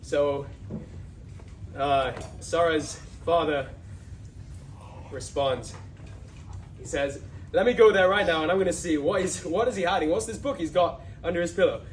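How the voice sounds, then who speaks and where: A young man tells a story from some distance off the microphone. His voice sits high, and he jumps into sudden raised, excited character voices. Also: unhurried, pauses often. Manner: acts out characters with sudden high, loud outbursts. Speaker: student speaker retelling a Hasidic story. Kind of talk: animated storytelling. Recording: distant mic with faint background noise.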